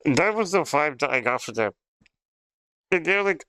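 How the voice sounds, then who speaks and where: A man's voice: fairly high pitch, expressive, moderate pace, pushed and bright, clean tone, dry recording. A young man livestreaming in casual chat, rambling and swearing with frequent laughs. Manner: rambling, profane, laughs often.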